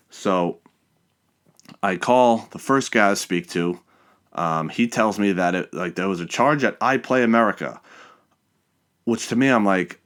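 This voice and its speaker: Low-voiced man ranting casually. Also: moderate pace, a bit bright. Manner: exasperated, swears often. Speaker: podcast host. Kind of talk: casual storytelling monologue.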